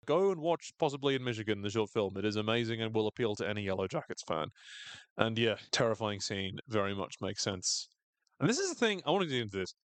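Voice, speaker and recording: A man co-hosting a casual podcast recap, animated and jokey, acting out lines in quick silly voices. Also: lowish voice, no room sound. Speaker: podcast co-host.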